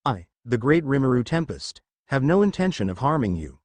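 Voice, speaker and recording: A man's voice: big pitch swings, brisk, darkish tone, no echo. A man voicing a boastful male storm dragon in slime form, with a grandiose manner and big laughing boasts. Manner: booming theatrical laugh, grandiose. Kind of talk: fan fiction reading.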